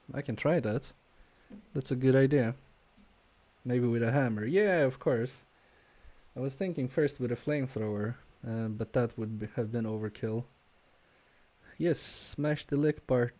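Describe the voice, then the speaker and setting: Male repair streamer, unhurried, mellow tone, hesitant think-aloud delivery. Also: medium pitch. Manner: hesitant, self-questioning, trails off with many fillers; quietly focused, mutters while working. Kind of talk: live-stream thinking aloud while soldering.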